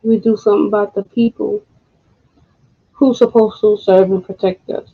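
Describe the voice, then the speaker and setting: A woman hosting a podcast, speaking in a casual monologue, emotional and frustrated, with slow deliberate pauses. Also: medium pitch, steady tone, slightly rough. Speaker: podcast host. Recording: dull lo-fi audio.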